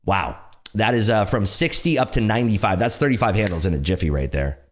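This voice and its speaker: A man hosting a live day trading stream, excitably calling market moves and chatting with viewers. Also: fairly low pitch, brisk, a little hiss or hum. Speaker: day trading livestream host.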